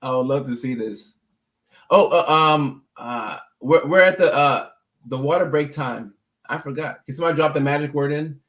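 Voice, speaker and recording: A man's voice: a little high, moderate pace, a bit bright, echoey room. A man hosting a casual livestream as a mental health clinician, answering viewer comments in an easygoing, talkative way and often repeating words as he thinks.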